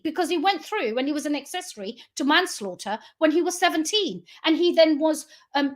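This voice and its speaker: High-pitched woman, direct-address monologue, accusatory and emotional, full of rhetorical questions. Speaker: founder giving a public address.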